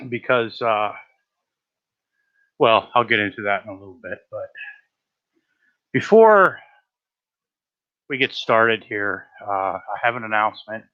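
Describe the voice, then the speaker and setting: A man's voice: medium pitch, clean tone. Profane rambling man on a live stream. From Rhode Island, USA. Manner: profane, rambling, stammering with fillers and repeats. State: a little out of breath. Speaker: livestream host. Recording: dull lo-fi stream audio.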